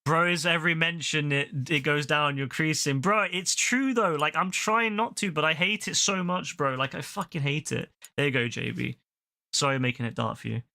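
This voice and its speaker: Young man, gaming streamer; bright, sharp voice; heated profane ranting. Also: a little high, moderate pace, gravelly. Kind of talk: casual rant while gaming.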